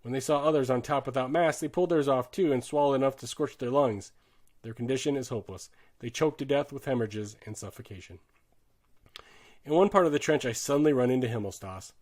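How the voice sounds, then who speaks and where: A man giving a dramatic audiobook narration of a war novel, earnest and shifting his loudness sharply with the drama. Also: medium pitch, fairly quick. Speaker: audiobook reader.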